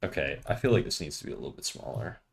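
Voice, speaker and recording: A man's voice: extremely low pitch, very animated, very fast, vocal fry. A man in his thirties, a livestreamer joking casually with his chat while he draws, laughing often. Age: 30s.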